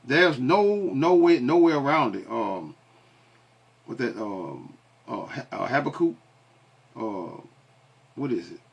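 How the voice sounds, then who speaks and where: A man's voice: mid-range voice, lively intonation, slow pace, vocal fry, pauses often, husky, lo-fi sound. A man giving casual commentary that turns into scripture teaching, asking rhetorical questions and answering them himself. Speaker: online commentator and preacher.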